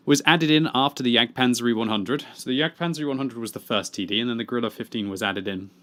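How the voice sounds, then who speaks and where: A man hosting casual video game commentary, talking in a chatty way, correcting himself and swinging his pitch up for emphasis. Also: a bit bright. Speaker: gaming channel host.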